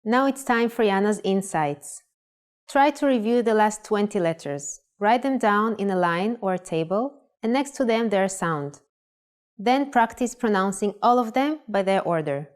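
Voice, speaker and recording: A woman presenting a scripted language lesson, pronouncing words clearly and carefully. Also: medium pitch, a little mellow. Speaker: language teacher.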